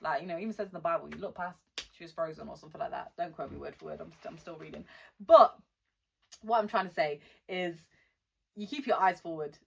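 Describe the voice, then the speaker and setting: Lowish, slightly rough and full of vocal fry, this young woman's voice belongs to a rapper doing a laid-back fan Q&A vlog. She was born in Wales, lives in the West Midlands, and her mixed British accent blends Welsh, West Midlands and London elements. Blunt, slangy and chatty, she reads questions aloud slowly.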